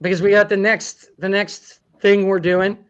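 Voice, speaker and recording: A man's voice: high voice, little pitch movement, moderate pace, clear, resonant tone, muffled recording. A man hosting a comedy talk show, joking and laughing through his running commentary.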